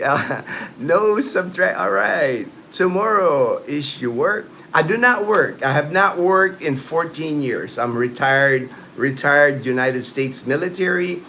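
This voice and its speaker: A man's voice: on the high side, expressive, slow pace, sharp tone, a little hiss or hum. Rambling late-fifties man chatting live. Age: late 50s. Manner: rambling, loose talk full of "you know" and "man"; reads out and answers viewers' comments. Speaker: livestream host. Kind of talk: casual live-stream chat with viewers. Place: at home in the Philippines.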